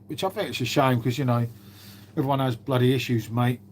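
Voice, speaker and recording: A middle-aged man hosts a livestream, reading the chat and talking casually with viewers. His medium-pitched voice is steady and fairly quick, with a little hiss or hum, and he's laid-back and sweary, sprinkling in "mate" and "innit".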